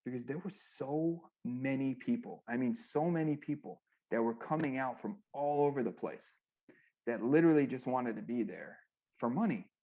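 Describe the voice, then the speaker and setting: A man with a gravelly, mid-pitched voice, giving a casual interview. He tells long, animated stories full of fillers and restarts. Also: moderate pace. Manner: rambling, animated anecdotes with many fillers. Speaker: guest, former music manager.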